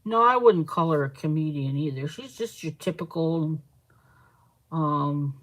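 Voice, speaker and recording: On a rough-sounding recording, a Canadian woman with a deep, animated voice chats at a measured pace during her crafting live stream. She reads comments from viewers aloud and rambles along with them.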